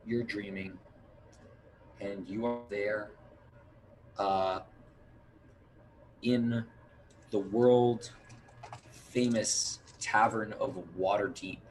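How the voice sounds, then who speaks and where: Slow, low-voiced male game master. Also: fairly even intonation, slight background noise, low-quality recording. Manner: unhurried, halting with fillers. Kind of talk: narrating a tabletop game.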